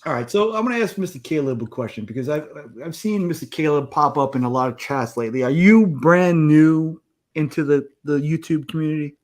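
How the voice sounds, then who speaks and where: Man in his 40s, easygoing talk-show host, slightly higher voice, unhurried. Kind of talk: casual live panel chat.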